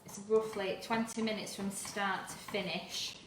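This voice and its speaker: A woman's voice: medium pitch, steady tone, a little slow. A woman hosting a live cooking demo, talking casually while stirring, at times a little out of breath. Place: home kitchen. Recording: echoey kitchen with noise.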